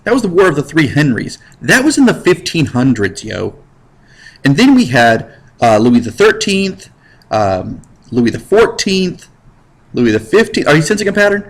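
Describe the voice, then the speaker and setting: Man, teacher, slangy classroom lecture with jokes and voices, lively swooping pitch. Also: normal speed, poor audio. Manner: slangy, jokey, animated with put-on voices. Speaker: history teacher. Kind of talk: casual lecture over slides. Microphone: computer mic while drawing with a mouse.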